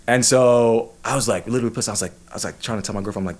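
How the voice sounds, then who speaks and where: A man's voice: lowish voice, very fast. A man casually telling a personal story, heated and swearing often, with many restarts.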